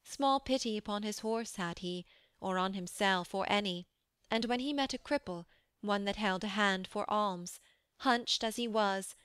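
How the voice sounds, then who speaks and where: A woman narrating a verse poem for an audiobook in a measured, solemn storytelling manner. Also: medium pitch, a bit bright, smooth, no room sound, clean studio sound.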